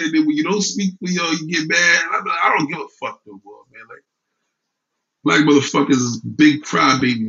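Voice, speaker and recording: A man's voice: on the high side, fairly bright tone, lo-fi sound. A man hosting a casual livestream vlog, ranting heatedly and profanely at his chat in slangy, repetitive talk. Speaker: livestream host. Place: home room with lighting setup.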